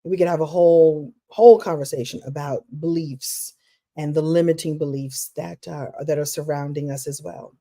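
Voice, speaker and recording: A woman hosting a live motivational talk in a conversational, playful way, breaking into lively exclamations. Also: low voice, moderate pace. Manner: animated, playful, breaks into exclamations and acted quotes; conversational, with restarts and laughs. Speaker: host, motivational speaker.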